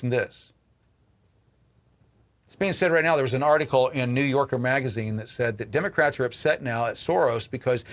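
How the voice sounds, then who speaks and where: A man hosts his own political stream and rants, cursing freely as he stumbles over and repeats his words. His voice sits a bit high and comes across bright and forceful. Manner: angry, profane, repeats and restarts. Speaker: political livestream host. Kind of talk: ranting commentary.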